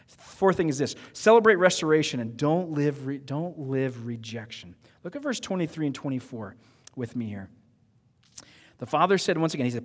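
In a church sanctuary, a middle-aged male pastor gives a sermon with a lively, conversational storytelling style. His slightly rough voice sits a bit higher than most men's, and a long echo from the hall trails each phrase.

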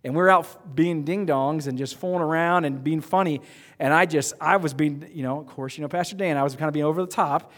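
A middle-aged male pastor preaching with a lively, conversational storytelling manner. His voice sits a bit higher than most men's. Long echo from the church hall trails behind each phrase. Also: fairly quick. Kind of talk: sermon. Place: church sanctuary.

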